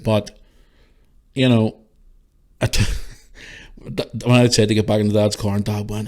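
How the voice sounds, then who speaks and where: A middle-aged Northern Irish man talks through a heartfelt monologue on his podcast. His voice sits a bit low, and he sounds tearful and emotional. He stumbles and restarts his sentences often. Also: little pitch movement, measured pace, pauses often, warm tone. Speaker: podcast host.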